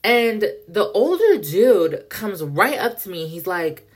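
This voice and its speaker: A young woman hosting a podcast, telling a story in a profane, animated, dramatic rant full of slang and filler words. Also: medium pitch, slow pace, breathy edge. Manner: heavy slang, filler 'like'. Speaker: podcast host.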